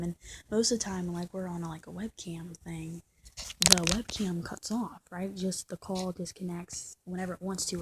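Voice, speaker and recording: A woman's voice: on the low side, slight background noise. A woman talking to the camera in a casual vlog, venting about her relationship in a rambling, frustrated way.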